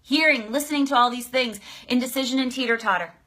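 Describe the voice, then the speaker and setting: A woman with a high voice coaches viewers on a live video stream. She talks with lots of energy and often exclaims, dropping the odd casual swear word. Her tone is bright and sharp. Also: fast. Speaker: life coach.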